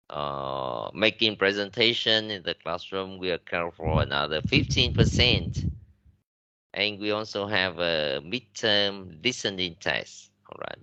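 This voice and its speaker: A man with a Vietnamese accent lectures a class in a very low but bright, forceful voice. He talks in loose, halting English full of fillers and restarts, slipping into Vietnamese to explain. The sound is dry and slightly muffled, like a lo-fi classroom recording. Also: clear, resonant tone, no echo. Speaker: English teacher.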